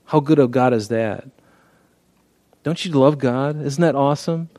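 A man's voice: medium pitch, a little slow, mellow, no room sound. A man preaching a sermon in an earnest, conversational way, reading scripture and often restarting phrases. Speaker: pastor.

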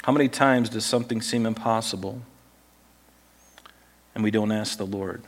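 A male pastor preaching a sermon in a conversational, animated storytelling way. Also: fairly low pitch, moderate pace.

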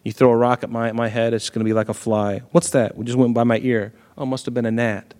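A man's voice: mid-range voice, level tone, fast talker, darkish tone, close to an everyday voice. A man voicing an arrogant giant warrior who sneers and taunts, heard in an echoey hall. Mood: scornful.

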